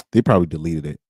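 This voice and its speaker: A man's voice: low-pitched, darkish tone, husky, no room sound, clean studio sound. A young man streaming alone, chatting casually in slang, rambling and laughing as he goes. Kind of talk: casual chat.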